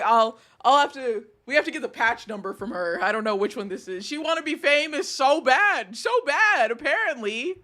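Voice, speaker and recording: A young woman talks over a clip on her stream, laughing in disbelief and swearing freely. Her voice sits high and swings widely in pitch. The tone is loose and chatty, like a casual reaction video. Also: a bit bright.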